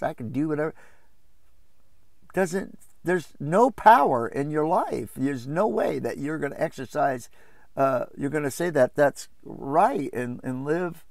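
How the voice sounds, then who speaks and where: A man preaching an informal Bible study from his RV, impassioned and quick to mock opposing views in a raised voice. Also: vocal fry, dry recording, studio quality. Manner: impassioned, jumps into mocking high voices to quote others.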